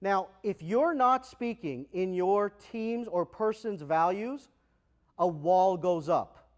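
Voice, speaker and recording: Keynote speaker, male, high voice, energetic and engaging with the crowd. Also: slow pace. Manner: energetic, asks the audience questions, acts out dialogue. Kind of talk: motivational keynote speech. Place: large conference hall.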